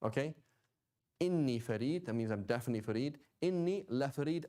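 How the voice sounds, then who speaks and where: A man's voice: medium pitch, animated, very fast, dark tone. A man teaching a class in a casual, talkative way, often checking in with "right?" and "okay?" and adding joking asides. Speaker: Quranic Arabic teacher. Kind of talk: informal class lecture.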